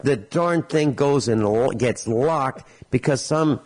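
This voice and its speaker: A man's voice: mid-range voice, slow pace. A male talk radio host, telling stories with sarcasm and exasperation and acting out both sides of conversations. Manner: animated storytelling, acts out both sides of conversations.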